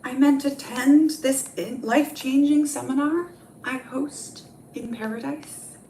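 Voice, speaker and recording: A woman's voice: high voice, measured pace, dark tone, reverberant, a little hiss or hum, voice pushed up. A woman voicing a dreamy new-age female guru channeler with an airy, mystical, salesy manner.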